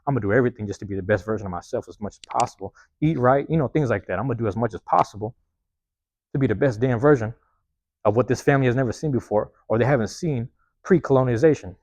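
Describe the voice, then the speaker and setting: A man's voice: mid-range voice, rapid-fire, darkish tone, dry recording. A man hosting a podcast alone, rambling in a casual, profane monologue and tagging lines with "man", recorded on a phone. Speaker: podcast host.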